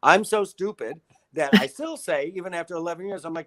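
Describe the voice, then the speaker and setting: A man's voice: high-pitched, a little fast, sharp tone. Wry self-deprecating older man. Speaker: guest. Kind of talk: casual interview chat.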